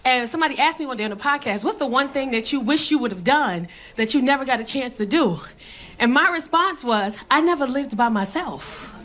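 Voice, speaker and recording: Brash high-voiced New York woman comic. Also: animated, brisk. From South Bronx, New York. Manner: brash, profane, teasing the crowd. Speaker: stand-up comedian. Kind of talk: stand-up comedy with crowd work. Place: comedy club stage with live audience. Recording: live club recording with loud crowd laughter.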